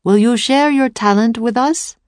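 A woman's voice: on the high side, measured pace, a little mellow, dry recording, pitched above the performer's own voice, close to an everyday voice. A woman voicing a stern, suspicious male samurai warrior who speaks formally and asks probing questions.

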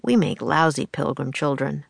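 A woman's voice: low voice, normal speed, creaky, no room sound, exaggerated voice. A woman voicing a worried young boy. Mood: grumbling. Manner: anxious, earnest, slightly grumbling. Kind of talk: audiobook character voice.

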